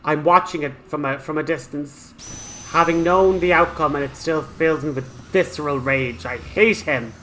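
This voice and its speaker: Bright-voiced excitable gaming commentator man. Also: on the high side, normal speed, slight background noise, low-quality recording. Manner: excitable, relives frustrations with rising outbursts; chatty with frequent fillers and restarts. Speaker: gaming channel host. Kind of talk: game walkthrough commentary.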